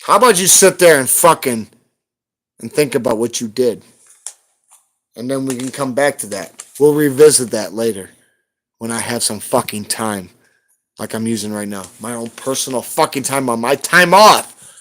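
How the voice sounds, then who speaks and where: A man's voice: mid-range voice, lively intonation, normal speed, fairly bright tone. A man on a live stream, ranting heatedly at someone and cursing constantly in a confrontational way. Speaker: livestreamer hunting for rare banknotes.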